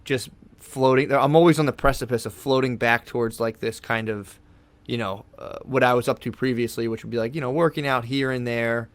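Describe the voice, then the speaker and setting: This man, a guest on a podcast, speaks a little fast in a mid-range voice with fairly even intonation. He rambles casually and easygoingly, swears plenty, and keeps calling his host "dude." The recording uses a podcast studio microphone and has no echo.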